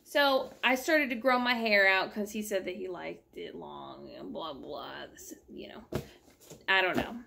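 A young adult woman vlogger at home, telling a long story in an animated, rambling, exasperated way. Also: on the low side, measured pace, gravelly, slight background noise. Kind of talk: casual storytelling vlog.

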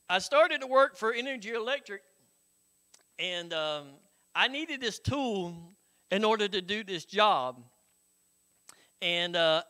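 A middle-aged pastor preaching in a high, ringing voice. He keeps it folksy and conversational, tossing "Hello?" out to the congregation. His tone is bright and forward. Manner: folksy, conversational preaching with frequent "Hello?" call-outs and chuckles. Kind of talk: sermon.

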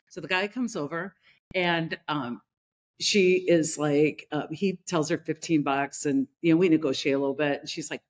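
A middle-aged woman with a somewhat low voice tells a story in a relaxed podcast conversation. She talks animatedly and slips into the voices of the people she quotes. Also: moderate pace. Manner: animated, acts out quoted people in her stories. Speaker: leadership consultant and host.

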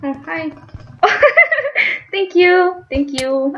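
Young female gaming host, high and unhurried, giggly commentary, lo-fi desk mic. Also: very animated, bright, forceful tone. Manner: chatty, giggly, squeals when startled. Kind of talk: casual gameplay commentary. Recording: dull lo-fi mic with faint noise.

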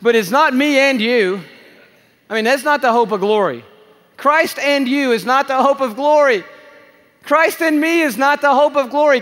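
A man's voice: extremely high pitch, fairly bright tone. A man preaching at a large conference, emphatic and drawn out, with playful asides. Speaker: conference speaker. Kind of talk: sermon. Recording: reverberant live hall.

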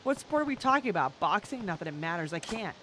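A woman's voice: fairly low pitch, big pitch swings, fast talker, noisy background. A woman voicing a stoic young male brawler who speaks curtly and seriously, with game music behind.

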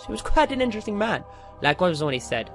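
A man's voice: sits high, very animated, rapid-fire, a bit bright, faint music behind. A young man playing a horror game and commentating with jokes, rambling and narrating every move he makes. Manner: jokey, rambling, narrates his own moves. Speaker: let's play gamer.

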